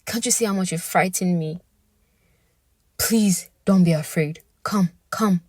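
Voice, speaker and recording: A woman voicing a young male friend high on drugs, erratic, pleading and menacing by turns. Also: unhurried, a little mellow, no echo, studio quality. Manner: pleading then ferocious, shaky.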